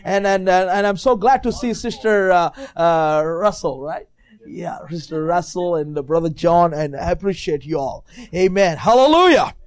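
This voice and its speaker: A man with a non-native English accent preaching a sermon as a visiting minister, with many fillers and bursts of shouted praise. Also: sits high, lively intonation, normal speed. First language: not English.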